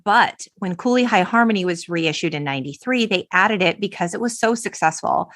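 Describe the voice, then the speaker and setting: A woman hosting a podcast in casual chat, animated and giggly, acting out quotes as she talks. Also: fairly low pitch, brisk, dry recording. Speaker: podcast host.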